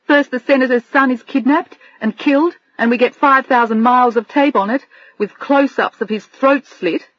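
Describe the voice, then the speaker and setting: A woman's voice: high voice, normal speed, no room sound, dull audio, voice pushed up. A woman narrator voicing a tearful, overwhelmed young woman whose voice trembles and breaks. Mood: shaken.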